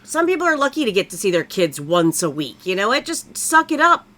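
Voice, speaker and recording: A woman's voice: fairly low pitch, sing-song, fast talker, fairly bright tone. Brash, swearing woman reviewing a movie. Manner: blunt, profane, emphatic. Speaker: podcast co-host. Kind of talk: casual movie-review chat.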